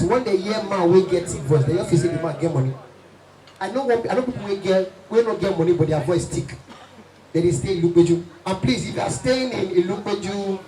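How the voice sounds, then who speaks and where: A man with a Nigerian accent doing stand-up comedy at a party, lively and playful, switching into many voices. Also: sits high. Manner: lively, does many voices and sing-song bits. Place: event hall. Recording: echoey hall from far off, music behind.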